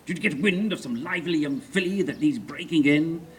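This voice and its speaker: Bawdy domineering empress voiced by a male reader, brisk delivery. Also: fairly high pitch, far from the mic, slight background noise, close to an everyday voice. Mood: leering.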